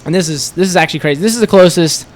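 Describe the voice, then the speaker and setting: A man's voice: high-pitched, rapid-fire. A man, a podcast guest telling a road-trip story in casual chat, acting out what everyone said and leaning on "like" a lot. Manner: animated, acts out quoted voices, lots of "like". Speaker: podcast guest, store co-owner.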